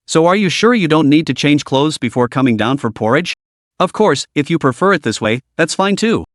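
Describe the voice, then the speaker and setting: Man voicing a teasing young bodyguard, sly, lively, slightly raised pitch, dry close sound. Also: brisk, no room sound, natural voice. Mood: musing.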